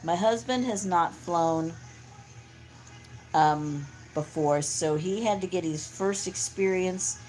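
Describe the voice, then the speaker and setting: A woman's voice: lowish voice, slow, a little mellow. A middle-aged woman talking in a casual, rambling monologue, full of fillers and restarts. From California. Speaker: vlogger.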